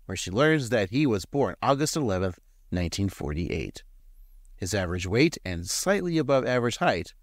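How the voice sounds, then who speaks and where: Brief: lower male podcast co-host, animated pitch, dry sound, sarcastic banter. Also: no room sound. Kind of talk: casual chat and episode recap.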